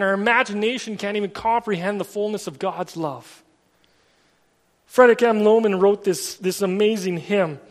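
Man, preacher, high voice, casual storytelling sermon, long hall reverb. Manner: casual storytelling with fillers like "like" and "kind of". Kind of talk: conversational sermon.

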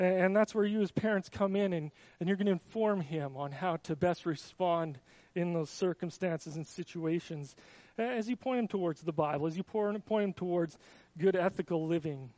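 A man's voice: high voice, moderate pace, a little mellow, dry recording. A male pastor leading a baby dedication in a casual, chatty way with frequent restarts. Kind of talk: church service announcements and baby dedication.

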